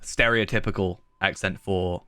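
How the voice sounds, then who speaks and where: A southern British man in casual live-stream chat, rambling along and chuckling at himself as he answers viewers. His voice sits a little low but comes across bright and forward. The sound is dry and close, with faint music behind him. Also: steady tone, normal speed, clean tone, no echo. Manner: rambling, chuckling often, self-deprecating. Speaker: game streamer.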